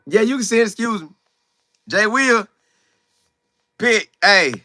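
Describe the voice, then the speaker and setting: A man hosting a casual football livestream, greeting viewers by name and talking in animated, quick bursts. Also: high voice, no echo. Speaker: livestream host. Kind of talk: casual live chat about football.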